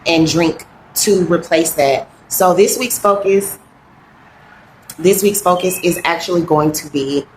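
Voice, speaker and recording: Earnest low-voiced woman in echoey room. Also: a little hiss or hum. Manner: heartfelt, halting, reflective. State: fighting back tears. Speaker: wellness coach. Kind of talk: earnest motivational talk.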